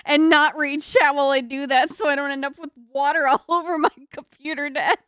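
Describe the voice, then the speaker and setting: This high-pitched, slightly bright voice belongs to a young female livestreamer who talks to herself in a rambling way as she builds, laughing and giggling a lot. She speaks fairly quickly with a steady tone, in a northern US accent touched by a Southern drawl. The sound is clean studio audio with no room sound.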